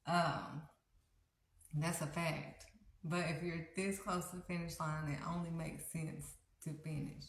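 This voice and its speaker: Low-voiced woman preaching on her live, earnest and chatty, echoey room. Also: flat delivery, unhurried. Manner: earnest, repetitive, conversational. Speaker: faith livestream host. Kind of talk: casual devotional preaching. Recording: roomy echo.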